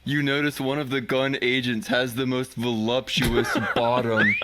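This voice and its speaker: A man on a comedy show spins out a crude scenario in a slow, drawn-out way. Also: medium pitch, flat delivery, heavy background noise. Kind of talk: crude joking banter.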